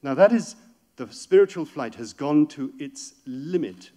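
A man's voice: mid-range voice, animated, unhurried, dark tone. A man lecturing on poetry, explaining passages step by step and reading verse aloud with rising force.

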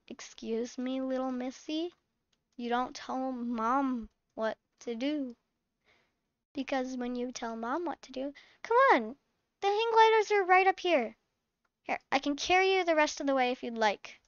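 A woman with a high, bright voice talks slowly and plays a fussing, scolding mom. The sound is dry and somewhat dull, like a lo-fi home recording. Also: smooth, no echo. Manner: chatty, mothering, scolding. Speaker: channel host playing a mom. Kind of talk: casual game role-play narration.

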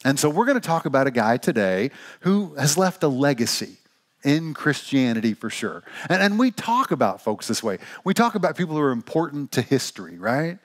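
A man from Missouri preaching a sermon, telling a joke story with an animated, playful manner. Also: medium pitch, fairly quick. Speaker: pastor.

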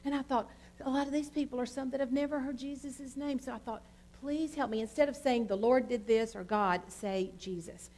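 A middle-aged woman pastor, telling a testimony in a sermon with a lot of fillers and animated storytelling. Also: high voice, fairly quick.

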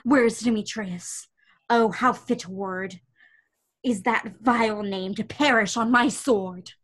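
Cast: woman as a passionate young man in love, unhurried, higher voice, declaiming verse on a video call. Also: a bit bright, breathy edge, full character voice. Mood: earnest. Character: ardent young male lover, impulsive. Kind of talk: Shakespeare verse reading.

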